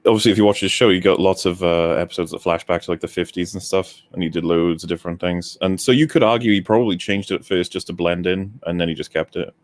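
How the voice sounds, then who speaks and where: A man's voice: low voice, fast, hardly any pauses. A man from Wales explaining fan lore in a casual podcast chat, swearing at times.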